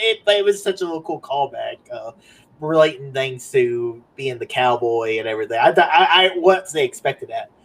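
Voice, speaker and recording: A young man co-hosting a podcast, chatting casually about movies in an animated way, laughing often and acting out quotes. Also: mid-range voice, low-quality recording. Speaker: podcast co-host.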